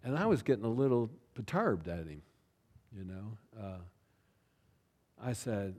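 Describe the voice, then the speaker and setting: A pastor telling a personal story in a sermon, chatty and self-deprecating, often tossing in "right?" and "you know.". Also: male voice, fairly low pitch, very animated, a little slow, long pauses, darkish tone. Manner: conversational, with frequent "right?" and "you know" asides.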